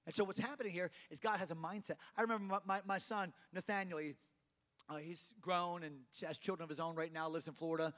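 A middle-aged male preacher delivering a sermon with a high-pitched voice. He hammers points by repeating them, dropping to near-quiet and then rising to loud emphasis. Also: fairly even intonation, fast, big-room sound.

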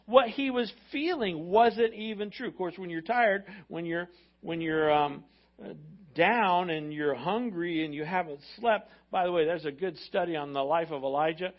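A male pastor preaching an energetic, repetitive sermon and acting out quotes. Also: high-pitched, normal speed. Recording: slightly muffled recording.

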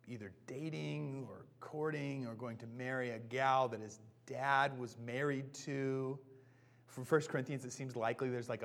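A man in his thirties, a pastor giving a relaxed, conversational sermon, often checking in with "right?" and joking at his own expense. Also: mid-range voice. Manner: casual, self-deprecating, often asks "right?".

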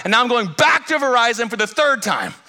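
A man's voice: extremely high pitch, animated, a little fast, bright, forceful tone. A man in his thirties, a pastor telling a self-deprecating story in his sermon, acting out his exasperation in bursts.

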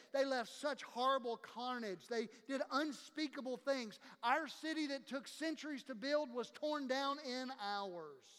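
A man's voice: sits high, a bit bright, long reverb tail. A man preaching a sermon as a pastor, impassioned and emphatic, acting out the voices of the people he quotes.

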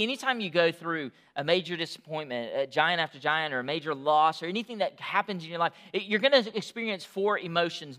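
Pastor, male, crisp bright voice, chatty preaching with loud emphatic swells. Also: a little high. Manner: conversational preaching, rising to loud emphatic peaks. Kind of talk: sermon.

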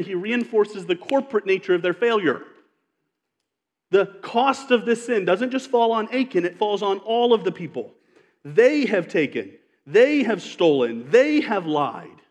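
Male pastor, high-pitched, emphatic sermon delivery with long hall reverb. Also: lively intonation, moderate pace, darkish tone, dull audio. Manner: earnest, emphatic, reads scripture aloud.

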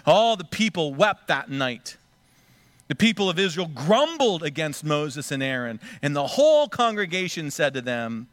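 A man's voice: fairly high pitch, sing-song, moderate pace, a bit bright, no room sound. A man preaching a sermon, acting out the scripture voices dramatically. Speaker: pastor.

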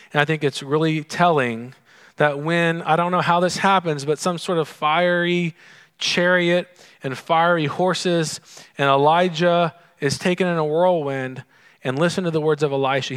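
A man's voice: a little high, steady tone, measured pace, fairly bright tone, clear, resonant tone. A man preaching a recorded sermon alone in an empty room, earnest and conversational, with asides to his listeners. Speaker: pastor. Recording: long reverb of an empty room.

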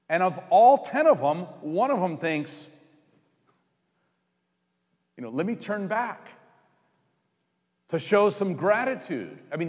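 A male pastor preaching a sermon in a conversational, animated way, acting out the lines he quotes. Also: fairly high pitch, big-room sound.

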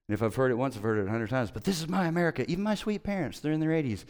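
A middle-aged man preaching a sermon as pastor, conversational and emphatic, swinging between loud and quiet. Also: medium pitch, expressive, racing.

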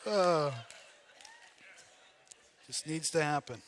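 A man delivering a sermon in a high, bright voice. He is animated, sinking to quiet asides and rising to shouts as he acts out the voices in a listener's head. His tone stays forceful and ringing throughout. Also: moderate pace. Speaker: pastor.

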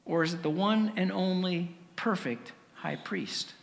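A man preaching a sermon with earnest rhetorical questions and dramatic pauses. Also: high-pitched, vocal fry, big-room sound. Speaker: pastor.

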